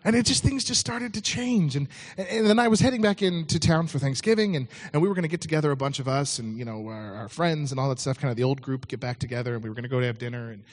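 A man's voice: mid-range voice, fast talker, hardly any pauses. A man preaching a sermon, telling a story in a conversational way with frequent restarts.

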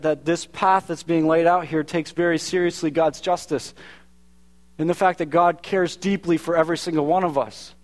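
A man preaching a sermon to his congregation in an earnest, conversational way, often restarting his words. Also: sits high. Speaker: pastor.

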